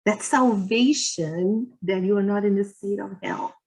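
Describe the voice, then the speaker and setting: Guest lecturer, woman, mid-pitched, slow, earnest and gentle, short phrases. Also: rough recording. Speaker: guest speaker at a spiritist society. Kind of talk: religious lecture with personal stories.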